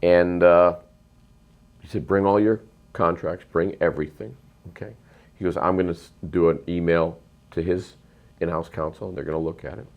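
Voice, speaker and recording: Middle-aged man, very low voice, emphatic rambling storyteller. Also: fairly even intonation, moderate pace, creaky, narrow, tinny audio. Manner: rambling, emphatic, frequent ums and uhs. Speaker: real estate investor, guest. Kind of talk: storytelling interview.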